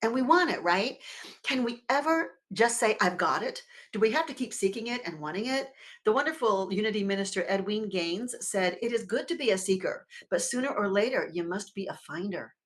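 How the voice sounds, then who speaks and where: A woman minister giving a sermon in a conversational, expressive way, swelling and dropping her volume and leading the congregation in repeating words together. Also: medium pitch, brisk. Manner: expressive with sudden swells and drops in loudness.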